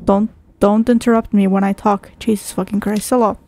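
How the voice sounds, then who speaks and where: A woman's voice: mid-range voice, little pitch movement, normal speed, a little mellow. A woman playing a horror game, swearing constantly and talking to herself, easily startled. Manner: jumpy, heavily profane, talks to herself. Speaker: game streamer. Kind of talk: horror game let's play commentary.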